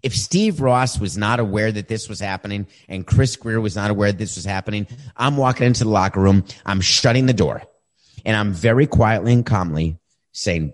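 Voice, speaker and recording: Male sports talk host, lowish voice, sarcastic, animated commentary. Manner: animated, sarcastic, rapid asides. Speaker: sports betting show host.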